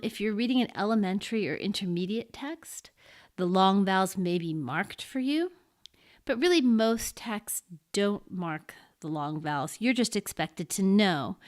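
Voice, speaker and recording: A woman teaching an introductory lesson, explaining things slowly and deliberately and pausing as she marks examples. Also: medium pitch. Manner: slow and deliberate, pausing to mark syllables. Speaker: Latin teacher. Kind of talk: slow, careful lesson explanation.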